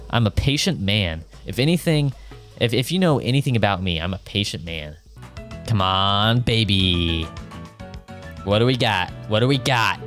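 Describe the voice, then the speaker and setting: A low-voiced man chatting over his gameplay, with his pitch swinging widely as he jokes and reacts. He is excitable and slangy, with the odd swear. Soft game music runs underneath. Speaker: game streamer. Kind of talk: casual gameplay commentary.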